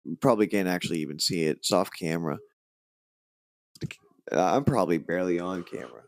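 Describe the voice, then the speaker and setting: A man's voice: low voice, quick pace, dry recording. A man hosting a podcast, casually telling a long joke with lots of fillers and restarts, and raising his voice for the characters in it. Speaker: podcast host. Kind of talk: casual chat.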